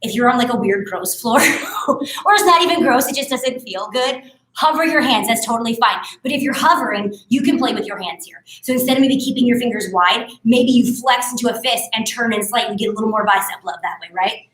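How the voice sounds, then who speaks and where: This is a woman in her thirties instructing a live barre class, her voice on the high side, brisk and a bit bright. Chatty and encouraging, she laughs often. She's recorded far off-mic in an echoey room.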